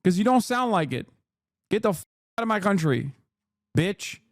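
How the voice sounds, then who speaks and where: A man's voice: high-pitched, big pitch swings, normal speed, no echo. A man streaming ranting political commentary, heated, profane and sarcastic, on a close mic.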